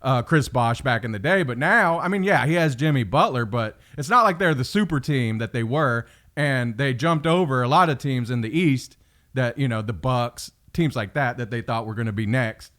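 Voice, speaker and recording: A man hosting a podcast, chatting casually over a video call, rambling and trailing off softly. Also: medium pitch, moderate pace. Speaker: podcast host. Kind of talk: casual chat.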